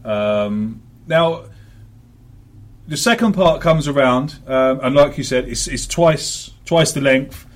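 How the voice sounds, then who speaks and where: A man's voice: mid-range voice, expressive, slow. A man hosting a casual football podcast, chatty, with many fillers and the odd swear word. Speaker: podcast host.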